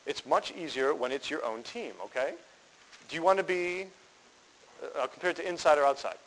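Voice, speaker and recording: A man's voice: on the high side, normal speed, fairly bright tone, poor audio. A man teaching real estate wholesaling at a live seminar, emphatic, firing rhetorical questions at the room and answering them himself.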